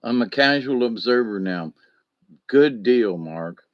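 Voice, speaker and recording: A man's voice: mid-range voice, animated, slow pace, dry recording, dull audio. A man hosting a casual solo live stream who rambles, swears freely, answers chat comments and acts out anecdotes with sound effects.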